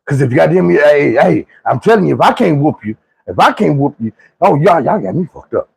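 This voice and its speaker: A man acting out his fed-up, furious mother as she shouts and curses at her kids. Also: fairly high pitch, big pitch swings, a little fast, gravelly, slightly rough, no room sound, heavily acted. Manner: shouting, cursing, threatening. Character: fed-up furious mother, middle-aged woman.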